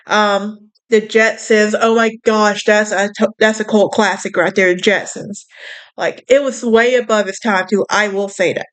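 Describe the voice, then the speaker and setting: A young woman with a Southern US accent hosts a podcast in relaxed, gossipy chat. She talks in a sassy, bubbly way and scatters fillers through her sentences. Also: medium pitch, measured pace, clear, resonant tone. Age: young adult. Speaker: podcast host. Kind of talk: casual chat.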